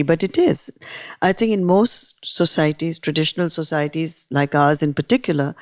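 Brief: older woman author, gravelly low voice, forthright and emphatic, dry close sound. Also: no echo. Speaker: novelist guest. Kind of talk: interview conversation.

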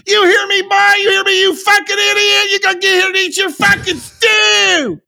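A screeching, foul-mouthed mother, put on by a man, hollers in a raised, high voice. The impression is broad and mocking. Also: flat delivery, moderate pace, gravelly, full character voice. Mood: yelling. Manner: mocking, yelling.

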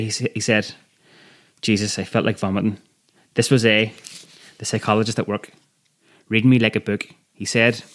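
A man reading a first-person memoir in an earnest, measured way. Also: fairly low pitch, level tone. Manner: earnest, measured, quietly emotional. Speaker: reader.

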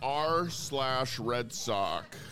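A man co-hosting a casual sports podcast, recounting stories in a relaxed way. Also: medium pitch, extremely slow. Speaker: podcast co-host. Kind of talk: casual chat.

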